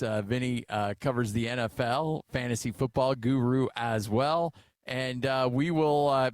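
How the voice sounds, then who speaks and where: A middle-aged man co-hosting a sports radio show, chatting casually on a studio mic. He tells stories animatedly and acts out other people's lines, with plenty of filler uhs. His voice sits at a medium pitch and sounds dry and close, with no room echo. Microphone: studio microphone.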